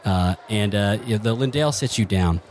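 A man's voice: lowish voice, normal speed, a little mellow, a little hiss or hum. A man narrating a tabletop game as game master, rambling with many fillers and restarts.

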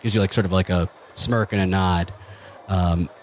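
A man's voice: deep voice, steady tone, moderate pace, slight background noise. A man narrating a tabletop game as game master, rambling with many fillers and restarts.

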